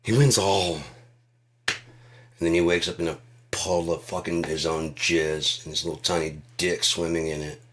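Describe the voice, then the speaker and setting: A man rants in a sarcastic, swearing comedy monologue that keeps building. His voice is bright and forward and sits a little low, and a faint ambience hums behind him. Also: flat delivery, normal speed, a little hiss or hum. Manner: sarcastic, profane, escalating. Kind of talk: profane comedic rant.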